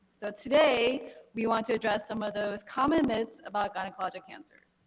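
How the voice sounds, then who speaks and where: A woman's voice: a little high, moderate pace. Woman doctor lecturing in a reverberant hall. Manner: friendly, anecdotal, conversational lecturing. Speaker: gynecologic oncologist giving a talk. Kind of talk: health conference presentation. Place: conference hall.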